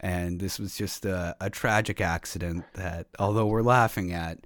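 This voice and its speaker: A man's voice: sits low, steady tone, moderate pace, a bit bright, no echo. A man co-hosting a podcast in casual chat, teasing and cracking jokes, with mock-solemn asides. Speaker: podcast co-host. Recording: dry close mic.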